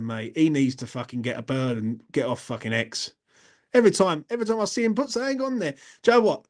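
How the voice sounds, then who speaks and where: A man talks casually on a live stream, sweary and blunt, often breaking into laughs. His voice sits a little higher than most men's. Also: a little mellow. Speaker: YouTube channel host.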